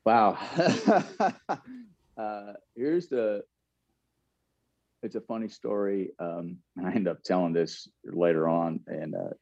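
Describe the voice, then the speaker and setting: A man's voice: low-pitched, steady tone, unhurried, creaky, a little mellow, no room sound, lo-fi sound. A man, a former ballplayer, reflecting in a casual interview and telling stories with frequent laughs and restarts. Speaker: guest, former pro baseball player.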